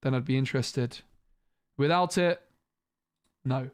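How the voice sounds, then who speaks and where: A man's voice: medium pitch, unhurried, clean tone. A man streaming a casual card review, thinking aloud with frequent restarts.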